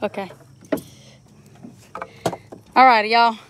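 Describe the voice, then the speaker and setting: Chatty high-voiced Southern woman outdoors. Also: fairly even intonation, slow, dull audio, slight background noise. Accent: Southern US, Louisiana. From Louisiana. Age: young adult. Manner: chatty, greets viewers, talks while working. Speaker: vlogger, crawfisher. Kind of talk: live-streamed outdoor vlog. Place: outdoors on a boat on a bayou. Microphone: phone held while working.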